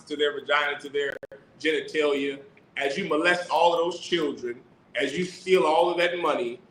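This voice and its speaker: Forceful, emphatic male preacher. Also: fairly high pitch, roomy sound, a little hiss or hum, poor audio. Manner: emphatic preaching with rhetorical questions. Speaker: teacher of a religious class. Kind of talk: sermon-style scripture teaching.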